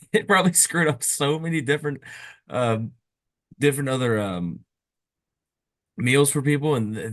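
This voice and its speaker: Young male co-host, wry casual banter, mid pitch. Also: fairly bright tone, dry recording. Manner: wry, jokey asides. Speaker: podcast co-host. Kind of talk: casual comedic chat. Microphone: video call.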